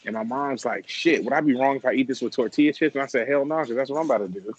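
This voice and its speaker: A man's voice: medium pitch, rapid-fire, breathy edge, muffled recording. A man in a casual group chat, talking bluntly with lots of swearing and jokes. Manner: blunt, profane, joking. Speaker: panelist.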